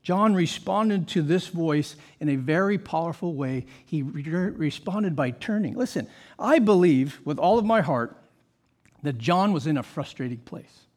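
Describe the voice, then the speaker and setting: High-voiced man preaching a sermon. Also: expressive, unhurried, darkish tone. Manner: emphatic, rhetorical questions, conversational asides. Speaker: pastor.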